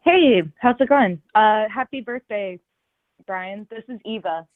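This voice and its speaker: Deadpan woman roasting over a phone line. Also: mid-range voice, a little slow, no echo. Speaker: caller.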